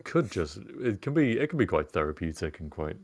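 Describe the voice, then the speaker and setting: A man's voice: deep voice, sing-song, fairly quick, darkish tone. A young British man co-hosting a casual podcast, rambling and reflective, swearing now and then. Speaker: podcast co-host. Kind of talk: casual chat.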